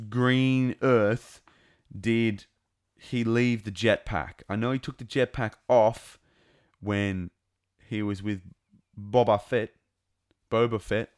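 A low-voiced man with an accent close to New Zealand hosts a casual fan commentary podcast. He talks in a rambling, enthusiastic way, full of fillers and restarts. The sound is dry and close. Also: no echo. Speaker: podcast host.

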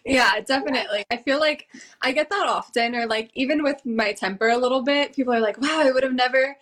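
A young woman guest chatting casually in an interview, easygoing and quick to laugh. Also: a little high. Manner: laughs often, relaxed and easygoing.

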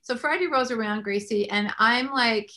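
A woman hosts a faith-based talk show with a bright, slightly high voice. She tells stories with lively energy and prays aloud with conviction. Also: normal speed. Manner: animated storyteller, prays aloud. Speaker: host.

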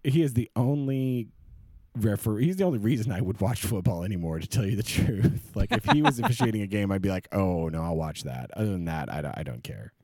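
A man co-hosting a podcast in casual chat, rambling and halting with frequent restarts. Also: lowish voice, sing-song, dark tone, no echo, clean studio sound. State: short on sleep. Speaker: podcast co-host.

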